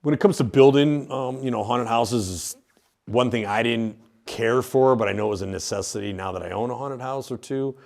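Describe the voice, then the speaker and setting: A man's voice: medium pitch, moderate pace, vocal fry, darkish tone. A man who owns a haunted house, casually explaining it on a tour with lots of fillers and restarts. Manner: rambling, with many fillers and restarts. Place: inside an old industrial building.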